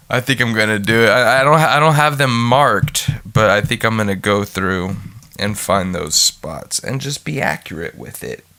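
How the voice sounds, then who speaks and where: A man's voice: on the low side, bright, forceful tone. A man hosting his own podcast, talking in a rambling, goofy way, swearing freely and breaking off into bits of song. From United States. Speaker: podcast host. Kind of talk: rambling solo podcast talk.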